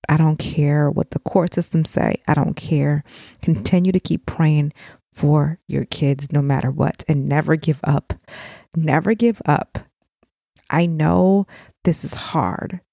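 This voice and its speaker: A middle-aged woman hosts her own podcast, speaking to fellow mothers with raw, heartfelt emotion. Her voice sits low with a gravelly edge. The sound is close and dry, with no room around it. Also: steady tone, unhurried, dark tone, no echo. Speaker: podcast host. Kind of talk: heartfelt casual talk to listeners.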